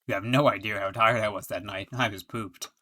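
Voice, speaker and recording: Brief: gloomy game clown, self-pitying, bright forceful tone, read by a man. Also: fairly low pitch, steady tone, fairly quick, pitched below the performer's own voice. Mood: recounting. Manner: self-pitying, laughs at own jokes. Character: washed-up sad male clown witness.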